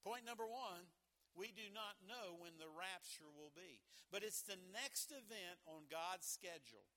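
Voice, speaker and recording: A middle-aged male pastor preaching a sermon in a church, emphatic and folksy, swinging from loud exhortations down to near-whispers and repeating his numbered points. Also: sits high, expressive, a little slow. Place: church sanctuary. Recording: long hall reverb.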